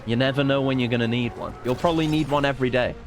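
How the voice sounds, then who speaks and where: A man's voice: medium pitch, racing, music in the background. Swearing, joking male game streamer. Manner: profane, joking, rambling. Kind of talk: casual gameplay commentary.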